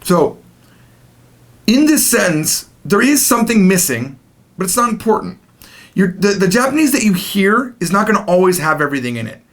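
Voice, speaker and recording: A man teaching a video language lesson, explaining in a chatty, animated way. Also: sits high, normal speed.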